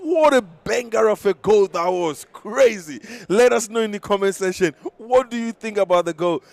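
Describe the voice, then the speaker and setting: High-pitched guy doing futsal commentary, super excitable, losing his voice. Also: normal speed, vocal fry, dry recording. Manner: excitable, shouting at big moments, laughing often. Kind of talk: live sports commentary.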